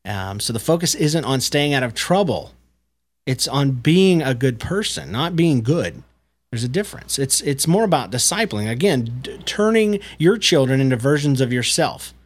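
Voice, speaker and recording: A man's voice: medium pitch, very animated, moderate pace. Earnest man explaining parenting views. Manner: earnest, explanatory, with frequent restarts. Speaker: podcast co-host. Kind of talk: casual parenting chat.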